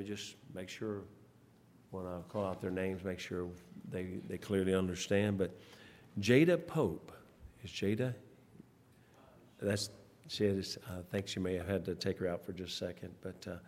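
A man, a pastor leading church service announcements in a rambling, folksy way, pausing often. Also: deep voice, a little mellow. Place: church sanctuary. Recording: long church hall reverb, faint noise.

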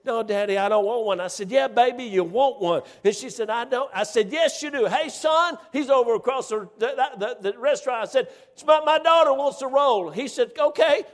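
Church hall reverb surrounds a man preaching in a sanctuary, where his storytelling sermon unfolds as a folksy, emphatic personal tale with many restarts. His pitch is extremely high, and he speaks a little fast with few pauses.

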